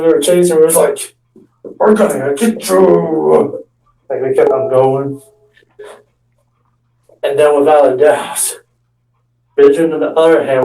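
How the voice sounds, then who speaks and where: A man's voice: mid-range voice, warm tone, far from the mic. A young man telling a long, rambling comic story, restarting often and acting out the quotes. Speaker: stand-up comedian telling a story. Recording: echoey room, voice off-mic.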